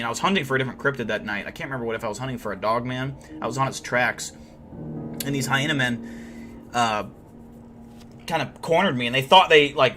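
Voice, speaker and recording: A young man hosting a livestream, telling deadpan, boastful tall tales in a rambling way full of fillers. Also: mid-range voice. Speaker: livestream host. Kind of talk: comedic in-character livestream storytelling.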